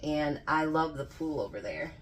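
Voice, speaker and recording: A woman's voice: low voice, animated, moderate pace, slight background noise. A woman chatting folksily as she cooks in her home kitchen, laughing often. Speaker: home cooking vlogger. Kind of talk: casual cooking vlog chat.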